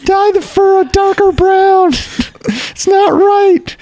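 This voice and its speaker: Squeaky little boy voice, super high, fussy and bossy about his teddy bear. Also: slow, darkish tone, no room sound, heavily acted, low-quality recording. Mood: fussy demanding. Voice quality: squeaky babyish voice.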